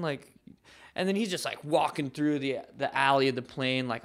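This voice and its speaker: A man's voice: mid-range voice, brisk. A man, a professional skateboarder and podcast guest, telling a story in a loose, profane way, full of fillers. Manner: profane, filler-heavy, animated retelling. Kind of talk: casual storytelling.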